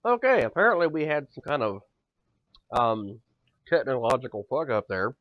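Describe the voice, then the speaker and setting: A man's voice: mid-range voice, sing-song, moderate pace, no echo. A man in his thirties co-hosts a casual comedy podcast. He is loose and profane and swings from mock bragging to joking gloom. The sound is dull and lo-fi, with a dry, close feel. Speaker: podcast co-host.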